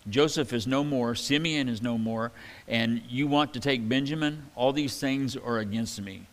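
A man preaching a sermon in a relaxed, conversational way, reading scripture aloud and adding casual asides. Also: medium pitch, normal speed. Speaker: pastor. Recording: hall reverb.

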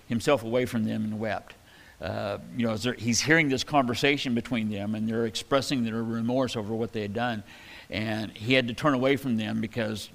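A man preaching a sermon in a relaxed, conversational way, reading scripture aloud and adding casual asides. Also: mid-range voice. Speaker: pastor. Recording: hall reverb.

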